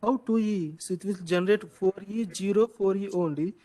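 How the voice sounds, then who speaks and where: Speaking at a normal pace in a mellow, fairly high voice, a male lecturer keeps asking his class questions and echoing their replies. He tacks "right?" onto his points and talks loosely, with plenty of "so."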